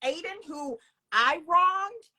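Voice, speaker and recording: A woman's voice: very high-pitched, expressive, slow pace, sharp tone. A middle-aged woman co-hosting a casual chat, talking in an emphatic, chatty way. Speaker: co-host.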